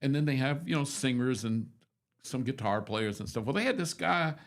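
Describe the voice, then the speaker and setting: A man's voice: medium pitch, expressive, moderate pace. A man in his seventies, a radio host, telling rambling, self-deprecating stories in a casual, folksy chat. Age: 70s.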